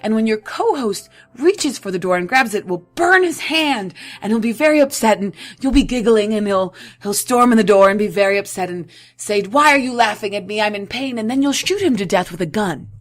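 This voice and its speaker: A woman's voice: mid-range voice, expressive, fairly quick, few pauses, soft background music, natural voice. A woman playing a volatile self-absorbed advice host. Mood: cheerful. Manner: dramatic, swings from soothing to shouting. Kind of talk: comedy sketch acting.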